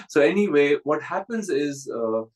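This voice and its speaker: A man's voice: fairly high pitch, animated, slow, poor audio. Reflective man giving a spiritual talk. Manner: reflective storytelling with frequent chuckles. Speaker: spiritual teacher.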